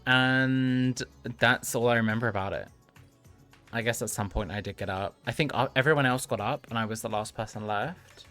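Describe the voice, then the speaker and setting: A man's voice: medium pitch, moderate pace, a bit bright. Guy in his 30s rambling through a story for chat, giggly, faint music behind. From United Kingdom. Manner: chatty, laughs often, talks to chat. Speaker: livestream host. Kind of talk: casual storytelling to live chat.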